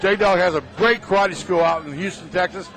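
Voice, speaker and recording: A man's voice: high-pitched, normal speed. A man hosting interviews at a martial arts tournament, full of enthusiastic praise. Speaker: host and interviewer. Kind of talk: event interview and commentary.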